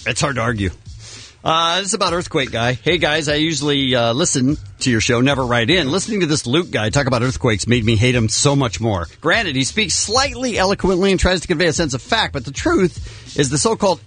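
Animated male radio co-host. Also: on the high side, fairly quick, breathy edge, soft background music. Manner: reads listener emails with an animated, joking tone. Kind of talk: morning radio talk.

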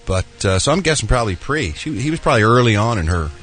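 A man's voice: on the low side, very animated, quick pace, a bit bright, soft background music. A man giving a celebrity gossip segment on a radio show in a chatty, crude, joking way. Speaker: entertainment news reporter.

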